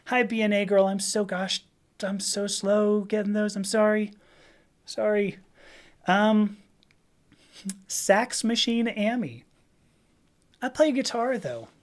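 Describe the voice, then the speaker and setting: Chatty rambling woman livestream host. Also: medium pitch. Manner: rambling, chatty, laughs often, reads out viewer comments. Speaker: livestream host answering chat questions. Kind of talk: casual chat.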